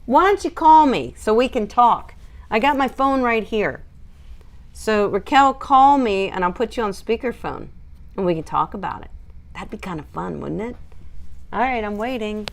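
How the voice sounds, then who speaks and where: A woman dog groomer hosting a casual live stream, chatting and reading out viewer comments in an animated, laughing way. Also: medium pitch, moderate pace, vocal fry.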